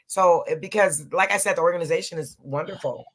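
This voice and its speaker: A woman's voice: fairly low pitch, quick pace. A middle-aged woman co-hosting a podcast in casual chat, laughing often and repeating herself for emphasis. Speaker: podcast co-host.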